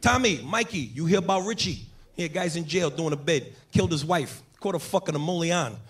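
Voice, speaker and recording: A boisterous, brash old-school Italian-American man with a thick New York Italian accent. He talks loud and pitched high, as a comedian puts him on in a stand-up bit. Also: a little fast, husky.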